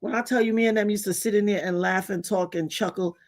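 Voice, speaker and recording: Reading out viewer comments on a casual livestream, a woman tells blunt, emphatic stories full of slang and laughs her way through them. She talks fast with a steady tone, though her pitch and volume swing widely.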